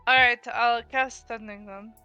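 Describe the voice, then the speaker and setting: A woman playing a tabletop game, speaking hesitantly with many pauses and fillers. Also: fairly high pitch, fairly even intonation, sharp tone, clear, resonant tone, muffled recording, soft background music. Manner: slow, hesitant with many uhs. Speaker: player. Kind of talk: casual tabletop play.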